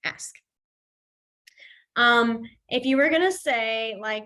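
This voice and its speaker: A young woman, teaching a sign language class in a chatty, casual way full of fillers, going quiet as she demonstrates signs. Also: on the high side, takes it slowly, long pauses. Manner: chatty, many fillers, drops to quiet when signing.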